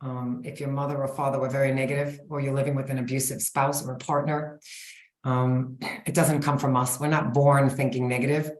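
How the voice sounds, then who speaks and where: A woman in her forties talking as a guest expert in a casual interview, in a blunt, folksy and energetic way. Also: rumbling low, a little fast. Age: 40s. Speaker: guest expert on sugar cravings. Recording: roomy echo.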